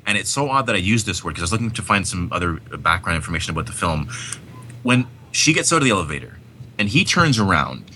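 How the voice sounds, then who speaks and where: A man's voice: deep voice, very animated, fast, bright, forceful tone, a little hiss or hum. A man talking about movies in a casual podcast chat, enthusiastic and rambling, often restarting his sentences. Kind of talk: casual film discussion.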